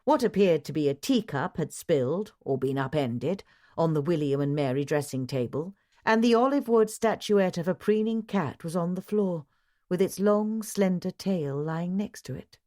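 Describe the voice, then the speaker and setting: A woman reads a mystery audiobook with a low, deep voice. Her narration is measured and even, and she paces the prose with care. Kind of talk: scripted narration.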